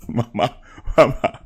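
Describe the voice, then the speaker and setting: A young man, a former player, casually breaking down game film and telling profane, animated stories with quick laughs. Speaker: football analyst.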